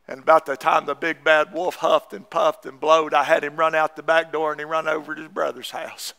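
Fervent preacher man, clear voice. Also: on the high side, level tone, normal speed. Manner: fervent Southern preaching, rising to shouts. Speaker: pastor. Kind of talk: sermon. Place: church sanctuary.

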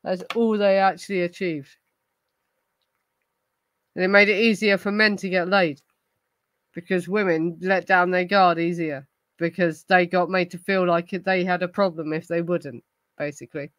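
A woman's voice: on the low side, fairly even intonation, normal speed, pauses often, fairly bright tone, dry recording, rough recording. Tipsy, ranting woman. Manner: ranting, rambling and heavy swearing. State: tipsy from gin. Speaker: host of a true crime livestream. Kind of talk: casual livestream chat, responding to viewers.

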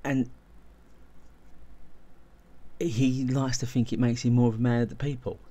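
A man's voice: mid-range voice, little pitch movement, measured pace, warm tone. A man hosting a video essay, talking casually and enthusiastically, often restarting and repeating words as he goes. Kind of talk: casual spoken video commentary.

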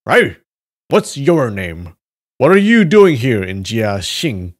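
A man voicing a blustering officer in a live story reading, shouting and demanding. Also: mid-range voice, sing-song, takes it slowly. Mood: barking. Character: gruff male officer, blustering and bossy.

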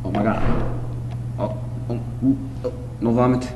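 A man's voice: mid-range voice, fairly even intonation, moderate pace, noisy background. Blunt, profane young man ranting. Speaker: vlogger. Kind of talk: casual rant to camera.

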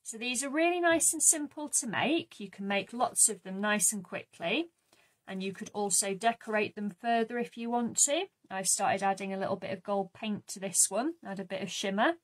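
A woman's voice: mid-range voice, normal speed. A woman giving a friendly, encouraging craft tutorial, explaining steps simply. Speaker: craft demonstrator.

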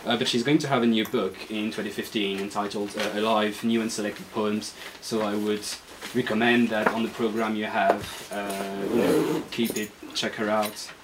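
A man's voice: fairly low pitch, steady tone, moderate pace, background noise. A man hosting a poetry reading at a bookshop, introducing the poets hesitantly with many fillers. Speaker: event host. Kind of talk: live event introduction.

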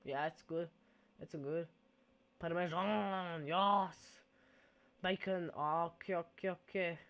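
A man's voice: on the high side, fairly even intonation, slow pace, dull audio. A man giving casual gameplay commentary in a goofy, playful way, dropping mock-Italian exclamations.

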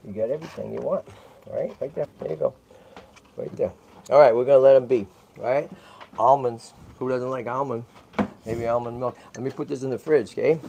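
On a casual livestream, a man handles a baby squirrel and coos softly to it while chatting and repeatedly asking "right?" and "okay?" His medium-pitched voice is gravelly and fairly quick, with slight background noise. He is a channel host and tortoise rescuer.

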